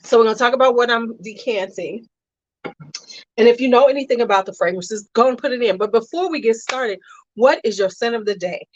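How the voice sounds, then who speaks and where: A young adult woman hosts a fragrance livestream in a loose, slangy chat, calling out viewers by name. Her voice sits a bit high. The sound is dry and somewhat dull, like a home webcam mic. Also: brisk, no echo. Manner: chatty, greets viewers by name, slangy asides.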